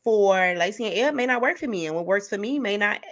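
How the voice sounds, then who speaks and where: A woman's voice: medium pitch, fast. A woman hosting a podcast, telling stories in casual chat and laughing often as she talks. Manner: laughs often, animated storytelling. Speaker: podcast host.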